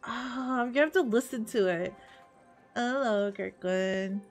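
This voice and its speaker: A woman's voice: fairly high pitch, unhurried, soft background music. A young woman streamer chatting casually with her chat while playing, laughing often. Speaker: VTuber streamer.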